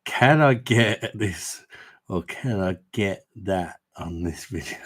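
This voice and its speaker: A man's voice: low voice, lively intonation, takes it slowly, breathy edge. A man hosting a casual beer livestream, bantering and reading out viewer comments from his room at home. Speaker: beer review livestream host.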